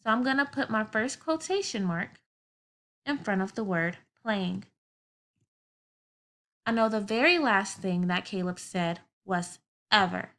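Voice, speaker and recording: A woman's voice: medium pitch, lively intonation, unhurried, pauses often, fairly bright tone. A woman teaching a grammar lesson to children, explaining patiently step by step with everyday examples.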